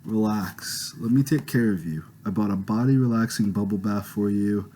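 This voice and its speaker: A man's voice: fairly low pitch, normal speed, dark tone, a little hiss or hum, lightly acted. A man reading a pushy, rich young woman's coaxing lines in his own plain voice, without doing a voice. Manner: coaxing, insistent.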